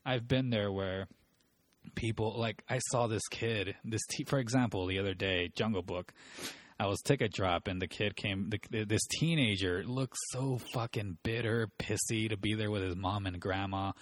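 A man's voice: lowish voice, normal speed, no room sound. A man telling rambling, profane work stories in casual chat. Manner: profane, rambling, animated storytelling.

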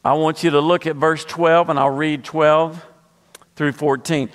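A middle-aged male pastor with a fairly high voice preaches a sermon, moving between laughing anecdotes and quiet, earnest appeals. His voice carries a long reverb from a large church hall. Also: steady tone, unhurried. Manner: storytelling with laughs, dropping low and soft for earnest points.

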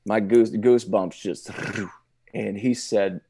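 A man, a pastor telling his personal testimony in casual conversation, halting with many restarts and laughing now and then. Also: on the low side, fairly even intonation, warm tone, slight background noise.

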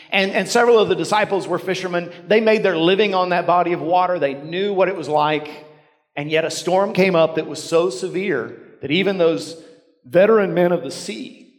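A middle-aged man preaching a sermon as a pastor, telling stories and dropping his voice low and quiet for emphasis. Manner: storytelling, dropping to near whisper for emphasis. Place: church sanctuary. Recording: long reverb of a large hall.

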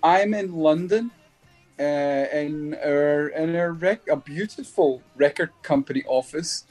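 A Scottish man from Scotland, a musician guest speaking from a record company office, talking in a halting, good-humoured way. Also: fairly high pitch, a little mellow, dry recording, faint music behind. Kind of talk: casual remote interview.

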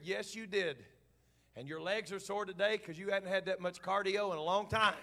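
A middle-aged man, preaching a sermon in church, moving between quiet storytelling and shouted, fervent preaching. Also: sits high, moderate pace.

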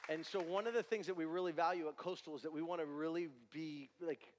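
A man's voice: on the high side, fairly even intonation, fast, long reverb tail, some chatter behind, a little hiss or hum. A male pastor delivering a sermon with emphatic preaching and repeated rhetorical questions.

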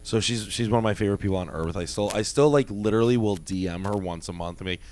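Animated storytelling man, profane. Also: lowish voice, fast talker. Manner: animated, profane, acts out quotes with loud jumps. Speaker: former bouncer telling stories. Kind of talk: casual storytelling chat.

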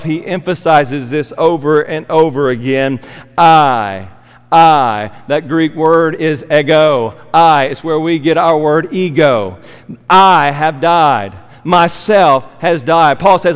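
A man preaching an expository sermon, slow and emphatic, repeating key phrases for weight. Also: fairly high pitch, clean tone. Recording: long reverb of a church hall.

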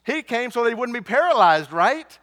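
A man's voice: extremely high pitch, big pitch swings, a little fast, fairly bright tone. A man preaching a sermon in an earnest way, asking rhetorical questions and repeating lines for emphasis. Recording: church hall reverb.

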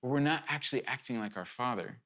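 A man's voice: mid-range voice, quick pace, a bit bright. A man preaching a sermon to his congregation, earnest and urgent, talking conversationally with candid asides and sudden emphatic rises.

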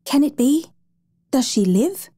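A woman voicing a gentle, soft-spoken middle-aged male watch repairman in a storybook reading. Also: sits high, very animated, slow pace, no echo, studio quality, pitched above the performer's own voice, full character voice. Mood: startled.

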